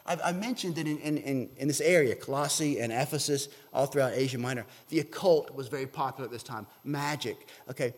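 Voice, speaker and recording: A man preaching a sermon in a conversational way, often checking in with the listeners and swelling loudly when he quotes scripture. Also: medium pitch, brisk, few pauses. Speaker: pastor. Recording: long reverb of a large hall.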